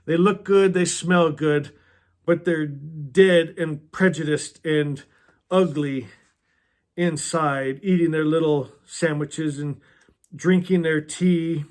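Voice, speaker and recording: Earnest, high-voiced man talking books. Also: steady tone, slow pace. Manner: earnest, chatty, laughs often. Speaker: book club host. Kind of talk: casual book discussion and reading aloud.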